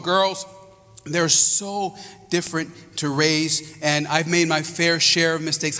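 A man in his fifties, a pastor preaching a sermon to his congregation with lively storytelling. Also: a little high. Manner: animated preaching with storytelling asides. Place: church sanctuary. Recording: reverberant church hall.

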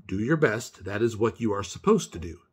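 A man voicing a calm, gentle old man who speaks slowly and plainly in a storybook read-aloud. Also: lowish voice, slightly rough.

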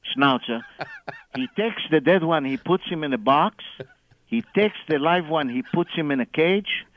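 A man's voice: on the high side, animated, normal speed. A man calling in to a radio show, telling a long story with lots of chuckles and acting out the people he quotes. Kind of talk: animated phone-in storytelling. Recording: dull phone-line call on radio.

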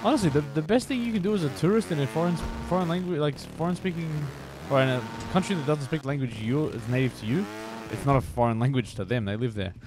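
A man's voice: on the high side, fast, over music. A man streaming a game and chatting casually, rambling and self-mocking while he answers chat. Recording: steady noise behind the voice.

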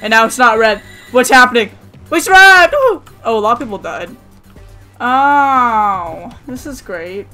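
Jumpy, bright-voiced let's-play host. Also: medium pitch, a little slow, faint music behind. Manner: jumpy, excitable, with sudden yelps and nervous chatter. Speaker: gaming channel host.

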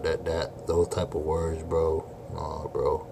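A man's voice: rumbling low, monotone, slow pace, creaky, noisy background. A man doing a casual live reaction, blunt and exasperated, swearing and saying "bro" constantly. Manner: slangy, swears a lot, keeps saying bro. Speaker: manga reaction streamer.

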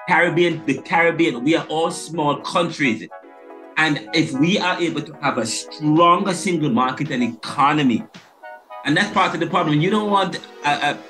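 A man's voice: mid-range voice, fairly bright tone. A man hosting a podcast interview, who talks emphatically and stumbles and restarts his words. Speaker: podcast host.

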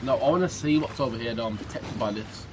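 This young British streamer talks fast in a medium-pitched voice, with background noise behind him as he plays a horror game. He jumps at scares, swears heavily, and makes crude jokes throughout.

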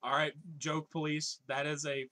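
A man's voice: fairly high pitch, level tone, normal speed, bright, forceful tone. A man in his thirties streaming live, chatting casually, reading viewers' comments aloud and laughing often.

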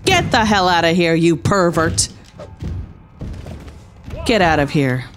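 A woman streaming a wrestling game, trash-talking with playful sarcasm, dropping low for tough lines and yelping high when surprised. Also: expressive, slow, soft background music. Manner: swings between low mock-tough lines and high yelps. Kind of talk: live gameplay commentary.

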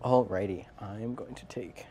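A man narrating as game master of a tabletop game, relaxed and chuckling as he describes scenes. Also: fairly low pitch, measured pace.

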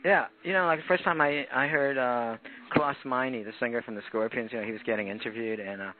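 A man's voice: mid-range voice, a little fast. A man who grew up in France, a guest musician chatting casually in an interview, rambling with lots of fillers. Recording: tinny phone-like line, faint noise.

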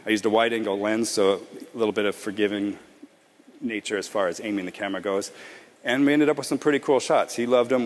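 A man giving a casual conference talk to designers, relaxed and rambling, often restarting his sentences. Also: on the low side. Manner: relaxed, rambling, self-correcting. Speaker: conference presenter. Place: large conference hall. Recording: long hall reverb.

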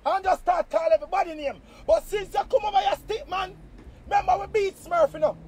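High-pitched Jamaican man ranting loudly. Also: a little fast, heavy background noise. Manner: taunting, loud and profane, bursts into shouts. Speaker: live streamer. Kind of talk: heated live-stream rant.

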